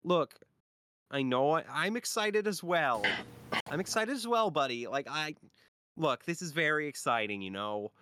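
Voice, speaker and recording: A man voicing a fussy alien father trying to calm his excited children. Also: on the high side, measured pace, slight background noise. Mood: coaxing.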